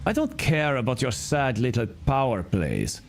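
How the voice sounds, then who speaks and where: A man voicing a smug, taunting female hacker, raising his voice high. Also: sing-song, moderate pace, slight background noise.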